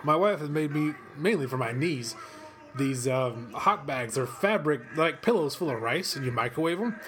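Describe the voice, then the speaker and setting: A rambling, foul-mouthed host with a slightly high voice comes from western Kentucky, USA. He does casual watch-along commentary in a cold home office studio, often breaking into excited outbursts.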